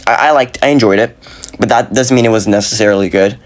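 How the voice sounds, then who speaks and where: A man giving a casual, frustrated video review, talking fast and excitedly with lots of slang and fillers, his voice jumping up when he is exasperated. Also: fairly low pitch. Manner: animated, voice jumps up when exasperated. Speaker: movie reviewer.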